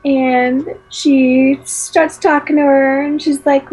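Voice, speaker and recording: A woman in a casual chat, retelling a scene and quick to laugh. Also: high-pitched, level tone, darkish tone, low-quality recording.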